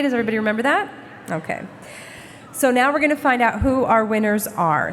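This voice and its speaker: A woman's voice: fairly high pitch, a little hiss or hum. Upbeat woman emceeing in a big hall. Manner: upbeat, chatty and playful with the crowd. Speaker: awards ceremony emcee. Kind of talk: hosting a live awards event. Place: large banquet hall before a live audience. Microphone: handheld stage microphone. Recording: long hall reverb through a PA.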